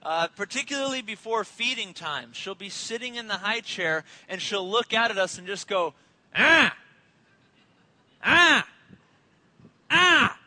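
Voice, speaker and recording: A man's voice: high voice, lively intonation, moderate pace, hardly any pauses, sharp tone, rough recording. A man in his thirties preaching a sermon as a pastor, conversational and joking, telling family stories.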